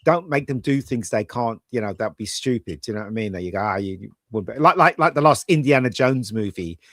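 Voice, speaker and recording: A man co-hosting a casual pub chat, rambling through animated opinions. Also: on the low side, brisk, no room sound, studio quality. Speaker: co-host.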